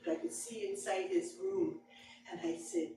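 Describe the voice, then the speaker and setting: A woman with a very high, gravelly voice tells a story to a live audience at normal speed, expressively voicing the scene's characters. There's slight background noise; the mic is far away in a very echoey room, with ambience and laughter from the audience audible.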